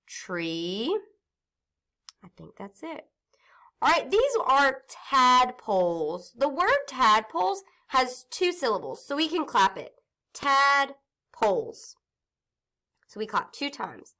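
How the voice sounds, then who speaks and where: A woman teaching a phonics lesson to young children, stretching words out and sounding them slowly. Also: high-pitched, big pitch swings, bright, forceful tone. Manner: slow, sing-song teacher talk, stretching out words and sounds.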